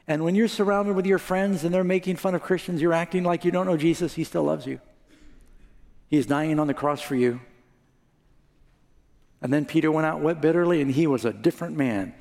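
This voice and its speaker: A man's voice: a little high, a little mellow. A man preaching a sermon, telling stories with dramatic voices for the people in them and asking the congregation for amens. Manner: dramatic storytelling, acts out quoted voices, asks the crowd for amens. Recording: long hall reverb.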